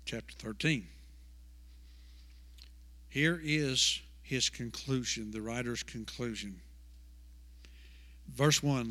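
Slowly and with frequent pauses, a male pastor preaches in a church sanctuary, his mid-range voice pushed and bright. He's emphatic, repeats words, and asks rhetorical questions, all under long hall reverb.

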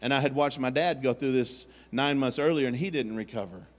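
A man preaches at an ordinary male pitch, telling his story earnestly and slipping into the voices of the people he quotes. His voice carries a long reverb from the church hall around him. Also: a little fast. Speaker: pastor. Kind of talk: sermon. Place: church sanctuary.

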